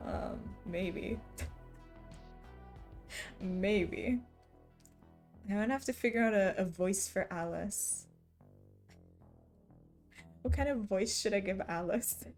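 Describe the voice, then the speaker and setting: A woman's voice: medium pitch, slow, pauses often, darkish tone, faint music behind. A young woman livestreaming, chatting casually with her audience and teasing them playfully with frequent giggles.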